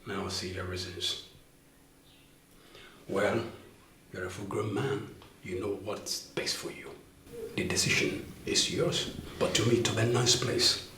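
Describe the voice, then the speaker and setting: An actor with a Nigerian accent playing a flattering, persuasive friend who coaxes his friend toward a woman. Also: on the low side, measured pace, pauses often, echoey room, recorded from a distance, a little hiss or hum. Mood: coaxing. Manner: flattering, coaxing, chuckling.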